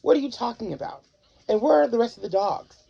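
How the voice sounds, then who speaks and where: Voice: medium pitch, very animated, brisk, mellow, muffled recording, faint music behind, voice pushed up, exaggerated voice. A reader doing a grumpy old explorer. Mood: gruff. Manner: gruff, snapping. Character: grumpy older male explorer, the dogs' master.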